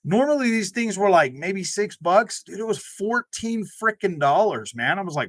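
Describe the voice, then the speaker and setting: In a sing-song voice that sits high and sounds fairly bright, a young man chats on his gaming channel at a normal speed with few pauses. His loose, rambling livestream talk is full of "man," "dude," and laughter, captured on a close desk mic with no room sound.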